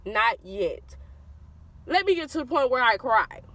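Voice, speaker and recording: A woman with a Southern US accent telling a childhood story to her viewers in a casual, animated way, acting out the voices of the people in it. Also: on the high side, measured pace, no echo, low-quality recording. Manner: animated, addresses viewers as y'all, acts out quoted voices.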